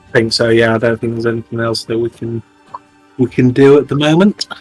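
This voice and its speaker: A man's voice: mid-range voice, fairly even intonation, fairly quick, darkish tone, soft background music, poor audio. A man playing in a tabletop game, easygoing and polite as he sorts out rules with the game master. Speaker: player. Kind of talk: casual tabletop game chat.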